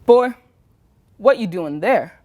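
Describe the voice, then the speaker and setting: A woman voicing a loud, bullying male small-town official who barks and mocks in an interrogation. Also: sits high, lively intonation, slow. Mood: interrogating. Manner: barking, mocking interrogation.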